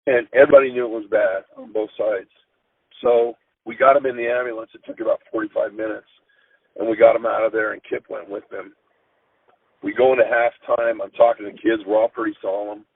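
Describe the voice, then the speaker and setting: A middle-aged man, a football coach, telling an emotional story in an interview, earnest and halting with frequent restarts. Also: lowish voice, little pitch movement, gravelly, slightly rough, no room sound. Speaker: high school football coach. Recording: tinny phone-line sound.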